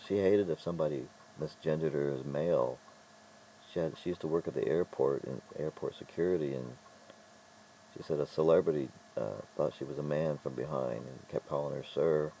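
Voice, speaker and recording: A middle-aged man telling stories in a casual vlog monologue, rambling and halting with frequent restarts. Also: extremely low pitch, creaky, mellow, poor audio. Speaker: vlogger.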